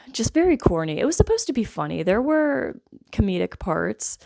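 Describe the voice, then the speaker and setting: A woman's voice: fairly high pitch, big pitch swings, normal speed, gravelly, a little mellow. A woman giving a casual, rambling film review, wry and full of fillers like "like" and "I guess.". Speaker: movie reviewer.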